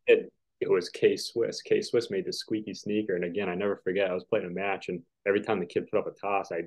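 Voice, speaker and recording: A man's voice: deep voice, flat delivery, a little fast, a little mellow, husky. A man in his forties, a guest on a video call, telling casual stories in a rambling way with lots of fillers. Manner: rambling, filler-heavy, chuckling. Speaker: podcast guest, tennis player. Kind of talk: casual storytelling. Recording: dull lo-fi call audio.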